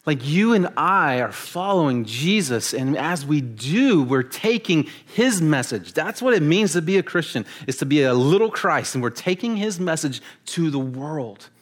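Male youth preacher, animated, jokey, conversational, slightly high voice. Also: normal speed, few pauses. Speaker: youth pastor. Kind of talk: sermon to teenagers.

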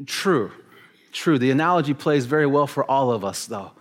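A youth pastor delivers a casual, animated sermon to teenagers at a fairly quick pace in a medium-pitched voice. He jokes with them and acts out the stories he tells.

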